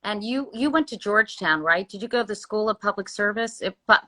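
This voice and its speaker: A woman hosting a casual live-streamed interview, chatty and quick to apologize for interrupting. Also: mid-range voice, lively intonation, bright, forceful tone, poor audio. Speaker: host. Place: home room with Christmas tree.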